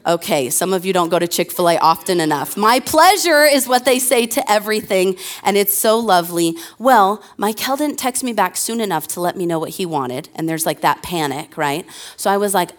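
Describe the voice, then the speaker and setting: A young adult woman pastor giving a conversational sermon into a handheld mic, telling stories with plenty of fillers and self-deprecating asides. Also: on the low side.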